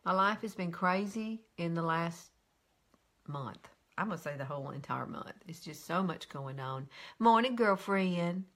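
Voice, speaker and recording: A friendly woman in her fifties with a drawl talks her way through a casual live makeup tutorial. She rambles cheerfully and greets viewers by name, jumping up into a high sing-song for each hello. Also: normal speed, fairly bright tone. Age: 50s. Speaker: makeup vlogger hosting a live stream.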